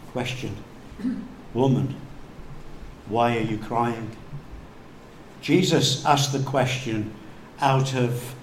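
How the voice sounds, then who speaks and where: A male pastor preaching a sermon slowly and deliberately, dropping to hushed tones for emphasis. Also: mid-range voice. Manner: slow, deliberate preaching with hushed dramatic drops. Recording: echoey room with faint background noise.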